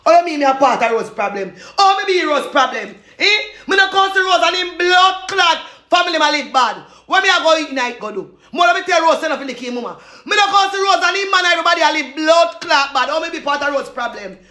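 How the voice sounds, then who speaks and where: A Jamaican woman in a loud, repetitive, cursing rant, laughing between insults. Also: extremely high pitch, animated, fairly quick, hardly any pauses, echoey room.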